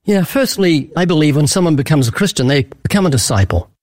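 A man's voice: a little high, expressive, brisk, a little mellow, dry recording. A man answering interview questions in an earnest preaching style, telling vivid stories and acting out quoted lines with emphasis. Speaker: guest evangelist.

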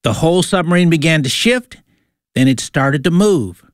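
A man's voice: on the high side, lively intonation, moderate pace, no room sound, studio quality. A man telling a religious story in earnest, devotional narration.

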